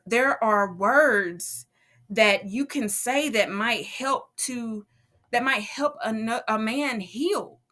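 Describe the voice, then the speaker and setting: A woman hosting a podcast, casually and animatedly telling her own faith testimony. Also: fairly high pitch. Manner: animated, acts out quoted voices, laughs often. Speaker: podcast host.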